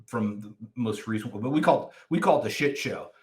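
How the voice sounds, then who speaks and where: Male podcast guest, rambling storyteller, casual chat, average pitch. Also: expressive, brisk. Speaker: podcast guest, nonprofit founder.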